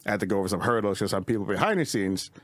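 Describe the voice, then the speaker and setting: Fast-talking low-voiced man telling stories. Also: expressive, fairly bright tone, no echo. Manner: rambling, many "like" fillers, swears freely. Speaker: comedian guest. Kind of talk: casual podcast storytelling.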